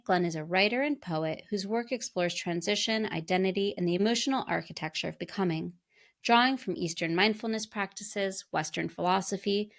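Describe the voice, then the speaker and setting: A woman's voice: medium pitch, gravelly, a bit bright, dry recording. A woman hosting a podcast interview, reading an introduction and then chatting with her guest in an easygoing way. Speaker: podcast host.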